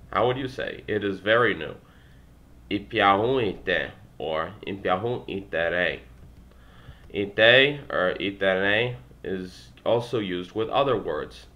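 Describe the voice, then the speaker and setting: A young native English speaker with a low-sitting, bright, forceful voice records himself as a language learner working through a textbook. He reads the exercises aloud, answers them, and throws in wry asides.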